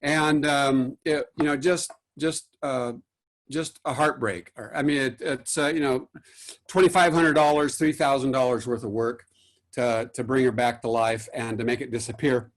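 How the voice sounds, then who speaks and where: A man giving a recorded lecture on caring for artworks, at a middle pitch. He tells stories in a rambling way, with many "uh"s and false starts, and acts out the voices of clients on the phone. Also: steady tone, moderate pace. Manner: storytelling, acts out quotes, many fillers and restarts. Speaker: art conservator giving a lecture.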